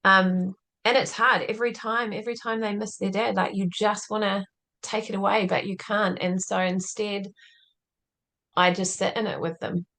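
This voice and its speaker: Woman, podcast guest, gravelly vocal fry, earnest and reflective, mid-pitched. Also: fairly even intonation, moderate pace, a bit bright. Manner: earnest, reflective, often says "like". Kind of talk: conversational interview storytelling.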